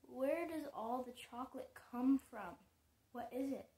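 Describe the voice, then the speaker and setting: A woman's voice: high voice, a little slow, warm tone, pitched above the performer's own voice. A woman doing a haughty giggling schoolgirl. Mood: amused. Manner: haughty and amused. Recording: echoey room.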